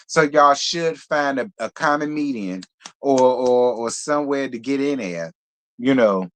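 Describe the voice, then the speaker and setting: A man hosting a casual reality TV recap, talking bluntly and profanely in an animated, opinionated way. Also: medium pitch. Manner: animated, opinionated gossip talk. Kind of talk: casual review commentary.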